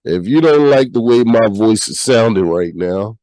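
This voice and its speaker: A sick American podcast host with a nasal, stuffy voice, talking bluntly and reading news aloud. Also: male voice, fairly low pitch, expressive, normal speed, warm tone, no echo, rough recording. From United States. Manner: blunt, repeats himself, swears freely.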